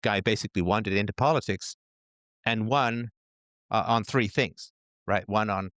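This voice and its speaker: A man's voice: on the low side, steady tone, moderate pace, long pauses, fairly bright tone, no room sound, studio quality. A man hosting a livestream, giving sarcastic commentary with crude humor. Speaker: podcast host.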